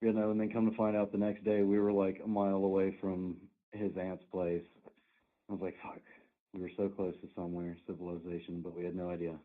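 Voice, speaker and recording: Laid-back low-voiced man on a phone line. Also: completely flat delivery, quick pace. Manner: laid-back, swearing, offhand. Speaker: caller. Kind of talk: phone-in storytelling.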